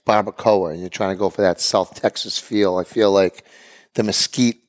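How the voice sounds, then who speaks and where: A man's voice: sits low, steady tone, normal speed. A man hosting a casual podcast chat, easygoing and jokey, often repeating himself. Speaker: podcast host.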